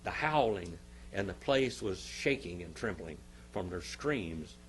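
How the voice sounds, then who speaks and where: A man teaching a church Sunday school class. He swings between loud, emphatic bursts and quiet asides, and repeats phrases for emphasis. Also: low voice, lively intonation, a little slow, creaky, slight background noise.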